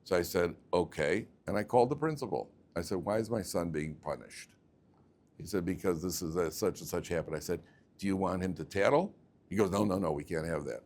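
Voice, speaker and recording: A man, a rabbi teaching a class, telling stories with lively, repetitive delivery and acting out both sides of arguments. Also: deep voice, fairly quick. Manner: animated, repeats words, acts out both sides of arguments. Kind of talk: lively storytelling lecture.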